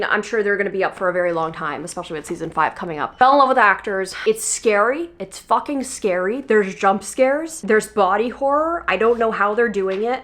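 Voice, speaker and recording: A woman's voice: mid-range voice, fairly bright tone. Gushing, swearing young woman vlogger. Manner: gushing, swears freely, playful and self-mocking. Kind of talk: casual chat. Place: New York.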